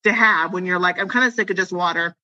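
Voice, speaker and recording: Bright-voiced chatty woman, slightly lo-fi. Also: lowish voice, fast talker. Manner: chatty, rambling, giggly. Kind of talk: casual chat.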